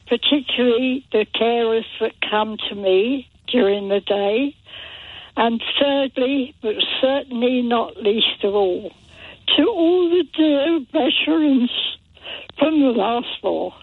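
A woman's voice: fairly high pitch, husky, no echo. A woman over a hundred years old, calling a radio phone-in with formal, heartfelt greetings. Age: 100s. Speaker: caller. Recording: phone line.

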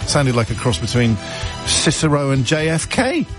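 A man's voice: mid-range voice, big pitch swings, music in the background. Wry radio host in his fifties. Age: 50s. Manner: wry, mocking and conversational, with quick restarts. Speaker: radio talk show host. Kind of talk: talk radio monologue.

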